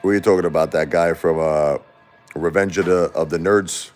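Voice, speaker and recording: Rambling new guy in his 40s, real low voice, faint music behind him. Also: fairly even intonation, normal speed, a little mellow. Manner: rambling, chatty, laughs often. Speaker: livestream host. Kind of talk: casual livestream chat.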